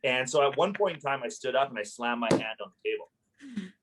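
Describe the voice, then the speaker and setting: A man, a landlord and podcast guest, telling a story in a casual interview, animated and swearing freely as he relives his anger. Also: mid-range voice, a little fast, poor audio.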